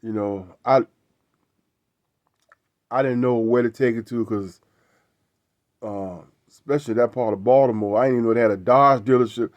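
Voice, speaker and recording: A man's voice: medium pitch, steady tone, normal speed, pauses often, a little mellow, no room sound, highs cut off. A middle-aged man hosting a show, telling a casual story in a rambling way, repeating words and tagging lines with "right?". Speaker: show host.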